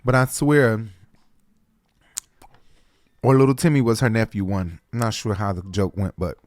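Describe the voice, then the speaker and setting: A man's voice: lowish voice, steady tone, normal speed, a little mellow. A man hosting a reaction video and talking through what he remembers in a hesitant, musing way. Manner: musing, hesitant, filler-heavy. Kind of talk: casual commentary.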